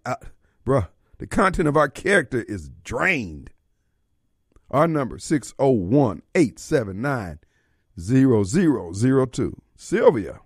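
Male talk radio host, blunt and opinionated, animated delivery, dry booth sound. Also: on the high side, dry recording. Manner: blunt, opinionated, laughs easily.

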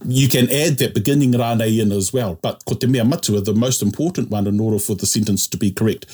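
A man's voice: lowish voice, quick pace, darkish tone, husky. A man teaching Māori grammar to a small group, patiently checking that everyone follows along. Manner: patient, checks understanding with "yeah?" and "ka pai".

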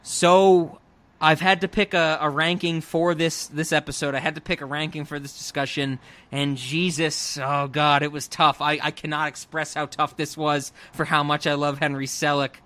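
Young male podcast co-host, high and bright, gushing and profane. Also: flat delivery, normal speed. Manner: gushing, enthusiastic, swears freely. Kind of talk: casual film discussion.

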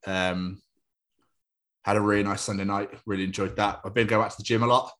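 A young man in his twenties chats casually as a podcast co-host. His voice sits low, and he rambles in a jokey way. He drifts into silly put-on voices now and then. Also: steady tone, a little fast, fairly bright tone. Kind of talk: casual chat.

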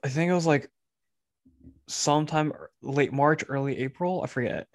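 A young man, a student, co-hosting a podcast, talking in a relaxed, hesitant way and often repeating words. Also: a little high, normal speed, no room sound, clean studio sound. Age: young adult. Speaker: podcast co-host. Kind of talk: casual chat.

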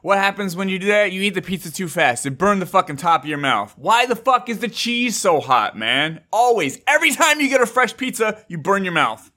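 A man hosting a casual podcast, laid-back and jokey, who mocks others in loud put-on voices. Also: high-pitched, sing-song, a little fast, few pauses. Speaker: podcast host.

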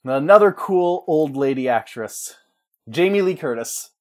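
A man in casual chat, pitching a story in a rambling, jokey way and slipping into character voices. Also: lively intonation, a little slow, darkish tone.

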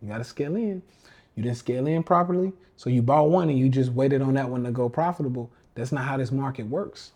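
Fairly quick and darkish in tone, a mid-range male voice carries a trading coach's loose livestream rant. The podcast host leans on slang and emphasis and repeats himself a lot.

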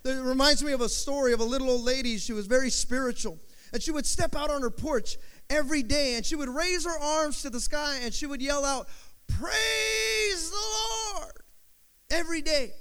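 High-voiced male preacher in a hall. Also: brisk, fairly bright tone, clean tone. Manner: call-and-response, emphatic repetition. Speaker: pastor. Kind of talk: sermon. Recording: long hall reverb.

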